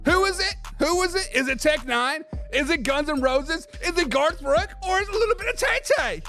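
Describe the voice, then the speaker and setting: A man putting on an overexcited, high, sing-song hype-man voice for a sports talk show intro. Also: lively intonation, brisk, faint music behind, exaggerated voice. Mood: hyped. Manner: loud, sing-song, theatrical.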